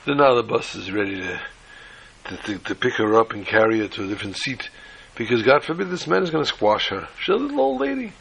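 A man teaching a sermon-style lesson and telling a joke along the way. His voice is gravelly and bright, with a husky edge. He restarts his phrases often and mixes in Hebrew and Yiddish words. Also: mid-range voice, sing-song, fast talker, poor audio.

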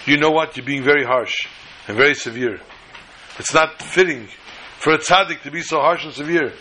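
A man's voice: a little high, moderate pace, pushed and bright, slight background noise, poor audio. A man voicing a skeptical, blunt fellow who speaks in a scoffing, matter-of-fact way within a told story. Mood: reproachful.

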